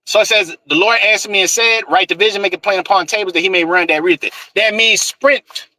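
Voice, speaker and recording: A man with a high, very bright voice delivers a fiery street sermon. He mixes scripture with profanity and keeps repeating "man" for emphasis. The sound is close and dry. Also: fairly even intonation, fast talker, dry recording, low-quality recording. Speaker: street preacher.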